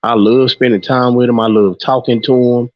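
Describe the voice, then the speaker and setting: A man's voice: medium pitch, fairly even intonation, moderate pace, no room sound. A man co-hosting a podcast, talking frankly and loosely in casual chat, with frequent swearing and restarts. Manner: frank, rambling, swears freely. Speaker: podcast co-host. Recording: muffled lo-fi audio.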